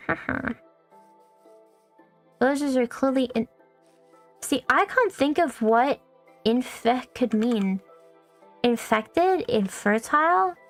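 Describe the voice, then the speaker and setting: A young woman streams a game as a VTuber, her fairly high voice lively in intonation, moving at a moderate pace and pausing often. She rambles casually, swears plenty and pokes fun at herself over faint background music.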